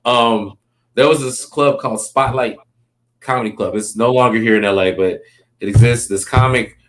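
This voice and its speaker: A man's voice: medium pitch, normal speed, a bit bright. A man, a comedian, telling stories in a casual, rambling interview and checking in with "you know what I mean" often. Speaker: comedian guest. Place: Los Angeles.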